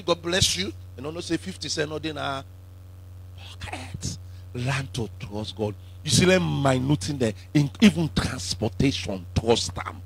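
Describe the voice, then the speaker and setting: Emphatic gravelly preacher with a lilt. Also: male voice. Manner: emphatic call-and-response preaching, swinging from shouts to low asides. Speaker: apostle preaching. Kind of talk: sermon.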